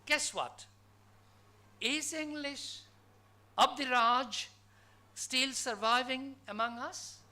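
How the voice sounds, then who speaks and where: Lecturer from Bangladesh, bright ringing voice, emphatic, rhetorical questions, academic talk. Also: high-pitched, takes it slowly, long pauses. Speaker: conference speaker. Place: college conference hall.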